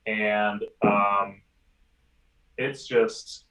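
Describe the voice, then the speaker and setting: A man being interviewed about his company's products, speaking easily with many pauses and restarts. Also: on the low side, steady tone, bright, forceful tone. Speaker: interviewee from an instrument maker. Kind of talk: recorded interview. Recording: roomy, distant mic.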